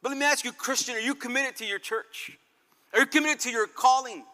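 A man preaching a fervent sermon, swinging between loud calls and quiet passages. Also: extremely high pitch, a little fast. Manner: fervent, dramatic swings in loudness. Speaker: pastor. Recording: long reverb hall.

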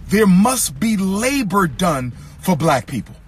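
A man giving an impassioned speech, repeating lines in an emphatic rhythm and sometimes singing or shouting phrases. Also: sits high, very animated, slow pace, faint music behind. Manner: occasionally sings or shouts phrases. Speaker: speaker addressing an audience.

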